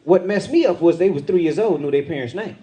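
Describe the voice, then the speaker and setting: A middle-aged man doing stand-up comedy on a club stage with a handheld mic, jumping into loud, high voices when he acts out other people. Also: animated, fast talker, background noise. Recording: live club with loud crowd laughter.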